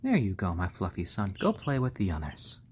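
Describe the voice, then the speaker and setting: A man hosting a casual live stream, talking gently and fondly to his baby chicks and thanking viewers. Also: low-pitched, huge pitch swings, normal speed, slight background noise. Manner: gentle, doting, talks softly to the chicks.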